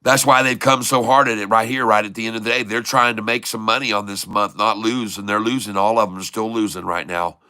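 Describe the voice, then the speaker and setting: A man hosting a stock trading channel, giving excitable live market commentary, taunting short sellers and repeating prices over and over. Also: on the low side, a little fast, few pauses, clean tone, no echo.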